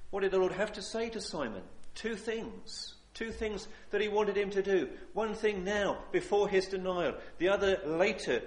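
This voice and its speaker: A man's voice: sits high, reverberant. A man preaching a sermon in an earnest, pleading way, repeating phrases for emphasis.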